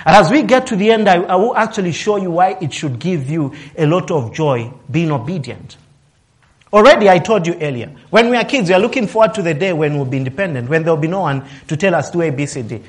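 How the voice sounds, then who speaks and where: A man's voice: a little high, lively intonation, fast. A man preaching a sermon, swinging his voice up and down for emphasis, acting out quotes and laughing now and then. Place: office worker.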